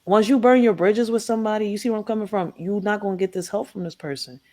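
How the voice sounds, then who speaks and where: A woman's voice: medium pitch, fast. A middle-aged woman in casual talk, telling a family story and acting out what people said with a raised voice. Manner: animated, acts out quotes in raised voice. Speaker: guest on a live talk stream. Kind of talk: casual heated chat, storytelling.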